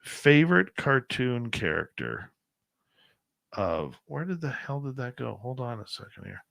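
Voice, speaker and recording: A man's voice: medium pitch, very animated, unhurried, gravelly, a bit bright, no room sound. A middle-aged Canadian man hosting a radio show, chatting casually and trailing off as he works the computer. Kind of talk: casual chat.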